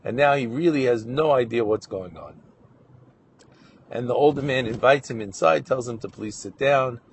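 A man telling a moral story as a Torah lesson, narrating with animated questions and voiced quotes. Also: mid-range voice, normal speed, creaky, a little hiss or hum. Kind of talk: storytelling sermon.

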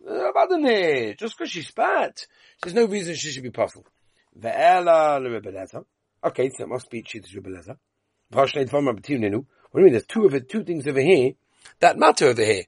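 A man's voice: mid-range voice, big pitch swings, moderate pace, husky, dry recording. A man leading a Talmud class, reading the Aramaic text aloud and explaining it in with frequent questions. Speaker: Talmud teacher.

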